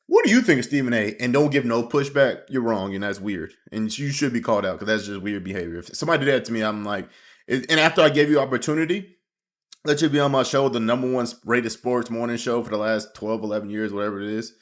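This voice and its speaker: A man casually reacting to a clip as host, slangy and animated, talking while eating. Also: medium pitch, fast talker.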